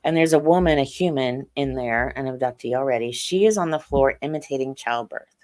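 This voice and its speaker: A middle-aged woman, a podcast guest, telling a personal story slowly and haltingly, with many fillers and restarts. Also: very deep voice, a little mellow.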